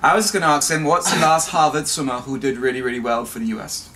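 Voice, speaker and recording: A man co-hosting a casual podcast, tossing in quick jokey remarks. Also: mid-range voice, fairly even intonation, bright, forceful tone, far from the mic, slight background noise. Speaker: podcast co-host. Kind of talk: casual chat.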